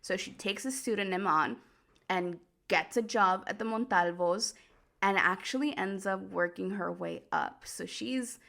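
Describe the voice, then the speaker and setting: A woman chatting casually as a host, animated and quick to laugh, with lots of "like" sprinkled in. Her voice sits in a middle pitch with a noticeable gravelly fry at the ends of phrases. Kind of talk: casual chat recap.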